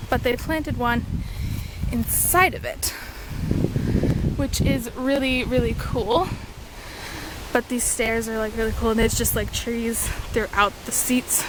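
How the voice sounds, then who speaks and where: A young woman with a fairly high voice talks through her vacation in a relaxed vlog. She rambles along, filling gaps with "um" and "like". Faint noise sits under her voice. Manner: chatty, rambling, with frequent "like" and "um". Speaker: vlogger.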